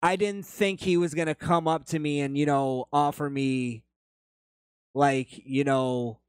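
A man's voice: on the high side, steady tone, unhurried, clean tone, dry recording, clean studio sound. A man hosting a podcast, reading chat comments and telling rambling stories in a blunt, profane, casual way. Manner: blunt, swears freely, rambling anecdotes.

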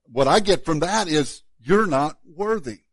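A man, a pastor, preaching a sermon in a relaxed, conversational way, often repeating words as he restarts a thought. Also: fairly high pitch, a little slow, no room sound.

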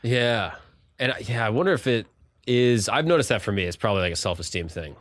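A man hosting a podcast, with a low voice recorded close and dry. He talks reflectively and uses lots of filler words. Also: expressive, fast, fairly bright tone, no echo. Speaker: podcast host. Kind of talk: casual podcast chat.

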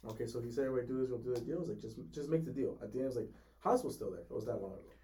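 Fast-talking man telling sales stories. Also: mid-range voice, dark tone, recorded from a distance. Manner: fast-talking, acts out customers in quotes. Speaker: podcast co-host, car salesman. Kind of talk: casual chat, storytelling.

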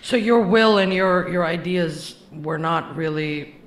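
A man's voice: fairly high pitch, a little slow, a bit bright. A man hosting a podcast interview, asking incredulous questions. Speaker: podcast host. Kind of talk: interview conversation. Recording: roomy with faint background noise.

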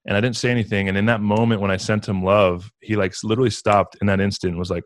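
A man's voice: on the low side, fairly even intonation, fast, no room sound. A man talking earnestly and reflectively in a casual spiritual conversation, as a podcast guest, with many "like" fillers.

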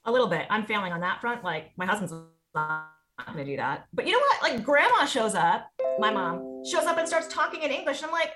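A woman in her forties, a guest in a casual conversation, talking in an animated way and acting out her own reactions. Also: fairly high pitch, brisk, over music. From United States. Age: 40s.

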